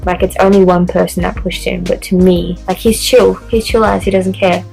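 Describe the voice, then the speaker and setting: A woman's voice: lowish voice, fairly even intonation, moderate pace, creaky, darkish tone, faint music behind, rough recording. A young woman casually telling a story-time vlog, chatty and swearing a lot as she acts out what people said. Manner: chatty, swears often, reenacts dialogue. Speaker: vlogger.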